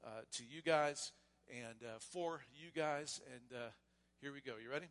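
A man serving as pastor, leading a church membership service in a loose, casual way and then reading vows and creed in a measured voice. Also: mid-range voice. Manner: casual and warm, with frequent restarts; reads liturgy aloud in a measured voice. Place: church sanctuary.

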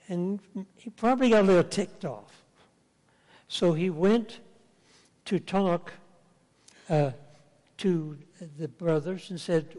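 Slow folksy preacher in an echoing hall. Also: male voice, high voice, darkish tone. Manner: folksy storytelling, acts out the characters. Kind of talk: sermon. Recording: long hall reverb.

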